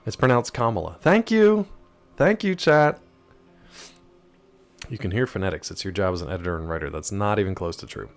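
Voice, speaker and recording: A man's voice: lowish voice, lively intonation, brisk, long pauses, faint music behind. A man streaming a game live, chatting casually and teasing his chat as he answers them.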